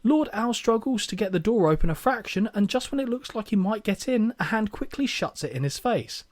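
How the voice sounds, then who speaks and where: A man's voice: high voice, expressive, fairly quick, no echo. A man hosting a podcast, recapping with wry, sarcastic jokes. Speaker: podcast host. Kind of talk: comedic recap podcast chat.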